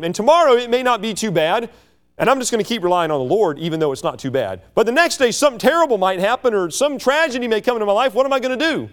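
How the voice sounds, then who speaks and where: High-voiced folksy preacher man. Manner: folksy, anecdotal, voice rising on emphatic lines. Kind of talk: sermon.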